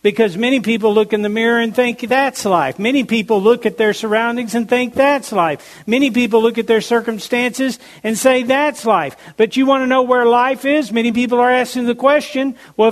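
High-voiced preacher with emphatic delivery. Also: male voice. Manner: emphatic, slows down to stress key words; reads scripture aloud in a measured voice. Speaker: pastor. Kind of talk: sermon.

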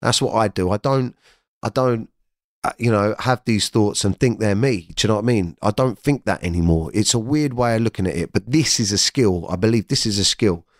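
Man, low-pitched, frank rambling podcast talk from home, dry close sound. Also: fairly quick, no echo. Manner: frank, rambling, swears freely. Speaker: podcast host. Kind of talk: unscripted solo podcast talk.

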